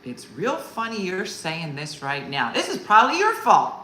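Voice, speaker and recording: A woman's voice: lowish voice, wildly swooping pitch, pushed and bright, echoey room, slight background noise, exaggerated voice. A woman putting on her pushy, interrogating mother. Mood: knowing. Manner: aggressive, rapid interrogating questions. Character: pushy older mother grilling her daughter.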